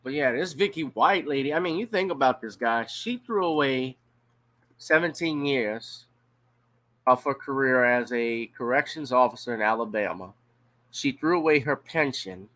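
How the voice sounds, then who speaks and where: A man's voice: mid-range voice, expressive, fairly bright tone. Blunt profane man from Louisiana. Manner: blunt, profane, drawn-out emphasis. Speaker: news commentator. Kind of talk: casual news reaction commentary.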